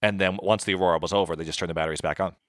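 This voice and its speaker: A man's voice: low voice, steady tone, very fast, a bit bright, dry recording, clean studio sound. A man hosting a podcast quiz, explaining trivia answers in a chatty way with lots of fillers. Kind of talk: casual chat.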